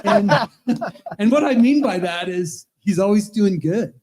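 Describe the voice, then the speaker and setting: A man's voice: sits high, lively intonation, unhurried, dark tone. A man in his fifties, an Episcopal priest, telling rambling, chuckling stories in a roast speech at a charity event. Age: 50s.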